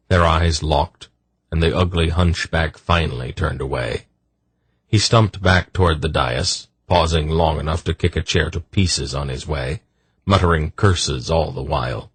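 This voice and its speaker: A man narrating a fantasy audiobook, an expressive storyteller who voices every character. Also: extremely low pitch, a little slow, breathy edge, no echo.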